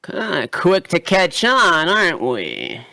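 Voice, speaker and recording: A man's voice: sits high, huge pitch swings, gravelly, bright, forceful tone, no echo, full character voice. A man doing a smug vampire wolf villain. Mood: gloating. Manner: gloating, drawn-out taunts. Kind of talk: live comedic fanfic reading.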